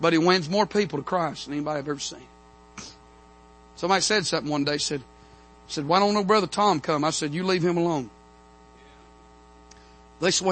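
Male revival preacher, high bright voice, fervent, heavy on the amens. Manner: fervent, punctuating points with "amen". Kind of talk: revival sermon. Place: church sanctuary.

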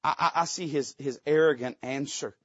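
A man preaching a sermon, folksy and joking, with loud emphatic rises. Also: medium pitch, moderate pace, no echo, highs cut off.

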